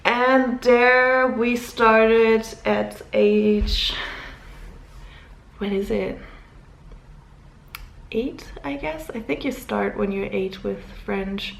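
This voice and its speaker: A woman's voice: fairly high pitch, flat delivery, drawn-out words, vocal fry, a little hiss or hum. A young woman from Luxembourg, chatting casually to camera and rambling with self-corrections. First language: German. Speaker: vlogger. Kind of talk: casual chat. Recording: echoey room.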